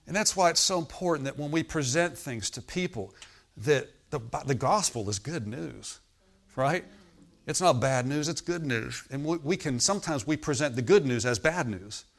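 In a hotel meeting room, a man preaches with a mid-range, animated voice at a normal pace. His style is emphatic and repetitive, and he keeps calling "Amen?" to draw agreement from his listeners.

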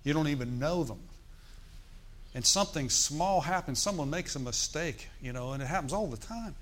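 A middle-aged male pastor tells a story during a sermon, animated and conversational, asking his congregation questions. His voice is on the high side and his pace moderate.

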